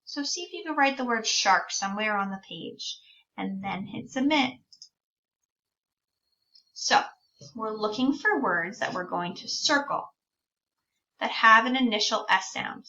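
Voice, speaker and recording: A female teacher with a bright, fairly high voice leads young children through a speech-sound lesson, sounding out every word very slowly and patiently and drawing it out. Her intonation is lively. The audio is dull and lo-fi, captured from a distance since she sits a little away from the mic.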